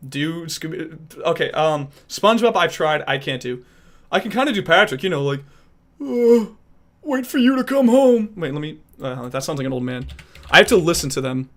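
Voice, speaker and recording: A man's voice: a little high, a bit bright. A man streaming who chats casually and rambles while trying out voice impressions. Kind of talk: casual chat.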